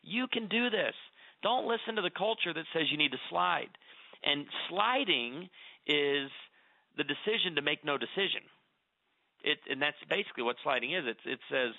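A middle-aged man talks in an earnest, preachy way, stumbling and repeating words as he builds his point. His voice has a gravelly edge. The sound is dry and thin, as if over a phone line. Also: on the high side, lively intonation, moderate pace, no room sound. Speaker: radio show guest speaker on marriage. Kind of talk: conversational radio interview.

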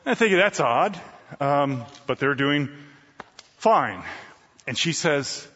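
A man preaching a storytelling sermon, swinging between loud bursts and hushed asides. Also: a little high, lively intonation, slow pace, long pauses, in a large hall, lo-fi sound.

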